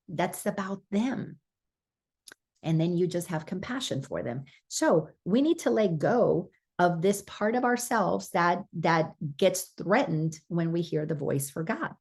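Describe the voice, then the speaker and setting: A woman's voice: on the low side, a little mellow. A woman giving an earnest, encouraging spiritual lesson commentary, sometimes restarting her phrases. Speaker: spiritual teacher.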